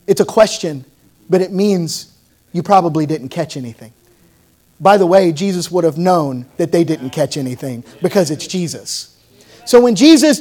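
High-pitched emphatic male preacher. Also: moderate pace, a little mellow. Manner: emphatic preaching with rising and falling intensity. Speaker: pastor. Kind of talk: sermon.

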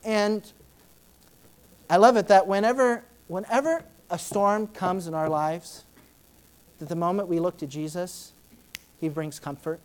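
A woman delivers a sermon in a chatty, storytelling way. She leans on fillers and drops her voice low for earnest points, then acts out Bible scenes with sudden high, loud outbursts. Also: moderate pace. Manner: dramatic, acting out Bible scenes in shifting voices; conversational, many "you know" fillers. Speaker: preacher.

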